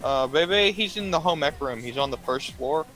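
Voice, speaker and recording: A man's voice: a little high, animated, normal speed, a bit bright, soft background music, low-quality recording. A sleepy man in casual gaming chat, explaining game mechanics to his co-host with lots of ums and restarts.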